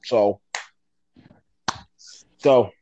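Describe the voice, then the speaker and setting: A man's voice: drawn-out words, warm tone, no room sound. A man co-hosting a podcast, giving blunt, joking opinions and swearing casually. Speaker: podcast co-host. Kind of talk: casual chat. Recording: dull lo-fi sound.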